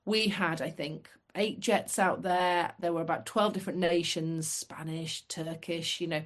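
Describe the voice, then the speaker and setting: A middle-aged woman from the United Kingdom, a podcast guest telling lively anecdotes with self-deprecating asides. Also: fairly low pitch, unhurried. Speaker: guest, former fast jet pilot. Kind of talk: casual storytelling.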